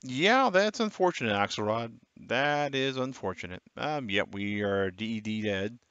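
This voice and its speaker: A man's voice: mid-range voice, animated, normal speed, a bit bright, smooth, dry recording, highs cut off. A man giving live gameplay commentary as a streamer, chatting and answering viewers in chat. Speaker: gaming streamer.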